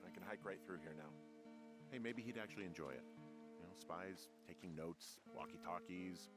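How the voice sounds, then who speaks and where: A man's voice: sits low, normal speed, close to an everyday voice. An actor playing an earnest, somewhat awkward man working as a fire lookout in a video game, with music playing behind.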